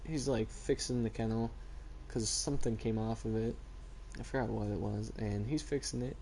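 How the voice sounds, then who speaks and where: A man's voice: lowish voice, steady tone, moderate pace, vocal fry, mellow, slight background noise. A teenage boy chatting casually and rambling as he tells stories in a vlog. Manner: rambling, laid-back storytelling. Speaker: vlogger. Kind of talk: casual chat.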